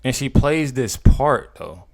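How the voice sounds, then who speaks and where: A man of middle pitch comments casually on his vlog. He rambles, circles back and repeats himself, and keeps turning to address his viewers. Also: big pitch swings, takes it slowly, vocal fry, heavy background noise. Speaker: political commentary vlogger.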